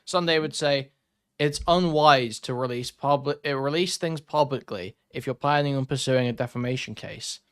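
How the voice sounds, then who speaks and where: A man's voice: mid-range voice, moderate pace, a bit bright, smooth. A man hosting a reaction commentary stream, ranting sarcastically and swearing as he talks to his chat.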